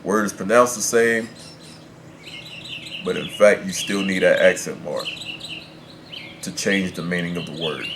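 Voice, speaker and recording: A man teaching Spanish pronunciation, explaining grammar to the camera in a measured way, stopping to pick his words. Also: sits low, fairly even intonation, background noise.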